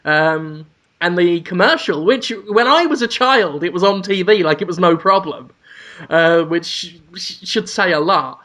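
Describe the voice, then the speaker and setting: A man's voice: high voice, a little slow, bright, forceful tone. A man from the United Kingdom co-hosting a podcast, telling a rambling story in a wry, casual way. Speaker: podcast co-host. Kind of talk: casual chat.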